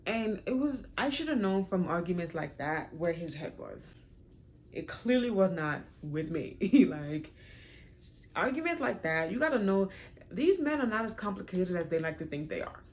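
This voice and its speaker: A young woman telling a storytime on her vlog, frank, animated and profane. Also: on the low side, moderate pace, slight background noise. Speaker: vlogger.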